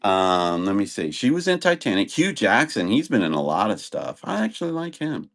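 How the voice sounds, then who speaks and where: A man's voice: lowish voice, sing-song, normal speed, gravelly, fairly bright tone. A man selling old videotapes on a live stream, chatting casually and rambling with many fillers. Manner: rambling, chatty, says "and stuff" often. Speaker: live auction seller.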